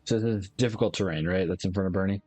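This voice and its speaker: Chatty male player, low voice, dry close sound. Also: rapid-fire, darkish tone, no room sound, soft background music. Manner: chatty, laughs easily. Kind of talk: casual tabletop play.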